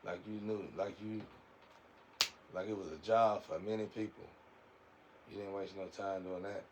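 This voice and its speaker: A man's voice: sits low, fairly even intonation, normal speed, darkish tone, slight background noise, rough recording. A man giving a rambling, preachy spiritual monologue in a casual way, often repeating his words.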